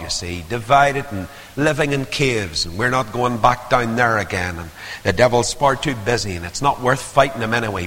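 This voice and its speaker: An older man preaching a sermon, swinging from hushed asides to loud, rising appeals. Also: medium pitch, normal speed. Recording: long hall reverb.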